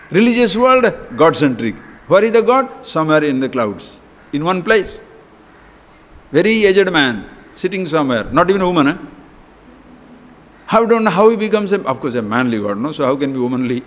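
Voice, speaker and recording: A man delivers a spiritual talk, throwing out rhetorical questions with a lively, chuckling manner. His voice sits high for a man. The sound rings with a long reverb from a large hall. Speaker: spiritual teacher. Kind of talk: spiritual discourse.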